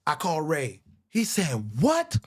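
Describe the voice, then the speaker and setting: A man's voice: a little high, expressive, normal speed, slight background noise. A middle-aged man from the Virgin Islands, a songwriter guest telling stories candidly and emotionally, swearing often and calling people bro. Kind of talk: casual storytelling interview.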